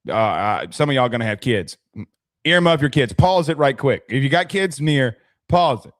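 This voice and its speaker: A young man hosts a casual sports talk stream, chatting away, thanking viewers, and frequently restarting his sentences. His mid-range voice has lively intonation and a normal speed. The sound is clean studio quality with no room sound.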